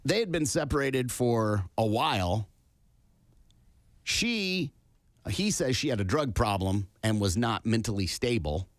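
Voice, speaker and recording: A man's voice: medium pitch, expressive, measured pace, no echo. A man co-hosting a podcast in casual chat, telling a story with wry asides. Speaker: podcast co-host.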